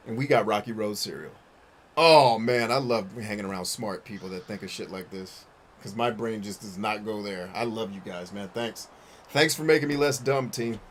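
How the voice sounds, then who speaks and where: A man streaming a game and answering his chat in a blunt, profane, rambling way, often restarting his sentences. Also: mid-range voice. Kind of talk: casual chat while gaming.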